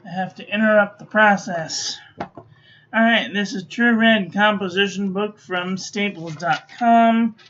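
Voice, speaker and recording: A woman's voice: mid-range voice, unhurried, fairly bright tone, a little hiss or hum. Sleepy woman muttering dry ink-test notes. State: sleepy, yawning. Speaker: stationery reviewer. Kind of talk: casual ink-testing commentary. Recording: dull lo-fi recording.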